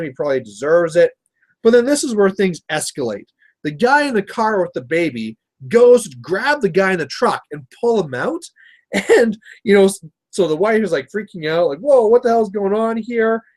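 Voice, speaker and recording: Casual Canadian male streamer, rambling storyteller, slightly raised pitch. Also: a little mellow. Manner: rambling storyteller, chatty with viewers. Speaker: miniature painting livestream host. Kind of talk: casual chat while painting.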